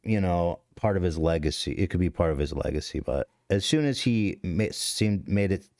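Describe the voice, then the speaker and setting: A man with a low, deep voice tells a confessional story on a podcast. He rambles, swears freely and cuts himself off mid-sentence. The sound is close and dry. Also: expressive, normal speed, a little mellow, no echo. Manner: rambling, profane, self-interrupting. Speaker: podcast host.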